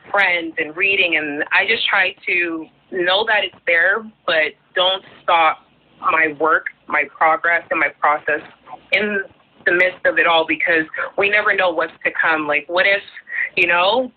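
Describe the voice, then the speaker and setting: A woman guest chatting casually about her plans, rambling with lots of filler words. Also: on the low side. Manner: rambling, filler-heavy talk with many "like"s. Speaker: guest, YouTuber. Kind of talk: casual chat. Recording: tinny phone line.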